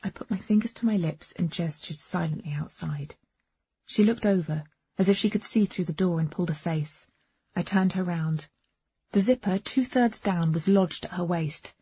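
A woman's voice: lowish voice, normal speed, mellow, breathy edge, no room sound. A woman reading a first-person novel aloud with wry, understated delivery, on a dull, muffled recording. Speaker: audiobook narrator.

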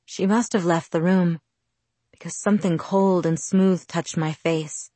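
Low-voiced woman reading a novel. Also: fairly even intonation, measured pace, darkish tone, dry recording. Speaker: audiobook narrator. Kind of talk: first-person novel reading.

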